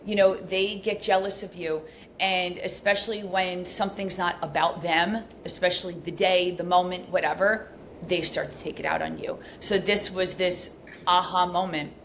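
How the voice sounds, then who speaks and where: A woman's voice: steady tone, a bit bright, a little hiss or hum. A woman guest on a podcast, candidly recounting a painful personal story with many fillers, her voice climbing when the memory gets heated. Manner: rushed, candid, many fillers, pitch rising as she relives anger.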